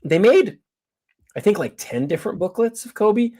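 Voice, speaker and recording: A man's voice: high-pitched, sing-song, moderate pace, darkish tone. A man appearing as a guest collector, chatting about sports cards with frequent fillers and restarts. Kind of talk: casual expert commentary.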